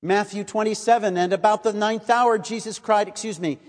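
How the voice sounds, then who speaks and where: High-voiced male preacher, long reverb. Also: fairly even intonation. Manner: measured, earnest scripture reading. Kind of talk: sermon.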